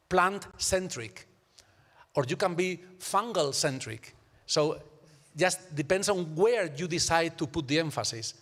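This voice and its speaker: A fairly high-voiced man argues his point emphatically on a live symposium panel. He often stops to ask "right?" of the people around him. The sound rings with the long reverb of an auditorium. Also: a bit bright. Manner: emphatic, keeps checking in with "right?". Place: university auditorium.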